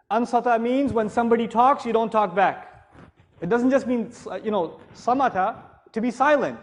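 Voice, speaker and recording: A man's voice: extremely high pitch, moderate pace. A middle-aged man giving a religious lecture to a live audience, conversational and joking, then rising into emphatic passages. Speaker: Islamic speaker.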